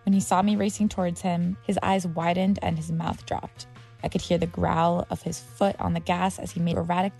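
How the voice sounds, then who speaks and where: A woman's voice: on the low side, creaky, dark tone. A woman reading a personal story aloud, with vivid, dramatic delivery.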